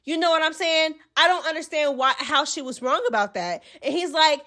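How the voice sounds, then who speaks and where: A woman with a very high, sharp, bright voice hosts a casual recap vlog. She is sassy and expressive, full of slang, and talks straight to her viewers like friends. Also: normal speed. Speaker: host of a reality TV recap channel.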